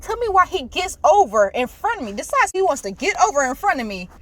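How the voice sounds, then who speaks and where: A woman vlogging a casual, animated rant while she drives, swearing and laughing often. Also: very high voice, quick pace. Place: in a car while driving. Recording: road noise from driving car. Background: car and road noise.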